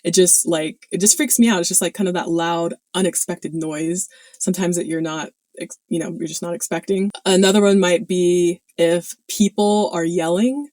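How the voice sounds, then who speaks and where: A woman's voice: lowish voice, steady tone, moderate pace, mellow, no echo. A woman talking casually to her viewers in a chatty way, full of fillers and small laughs. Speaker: video host. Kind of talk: casual talk to camera.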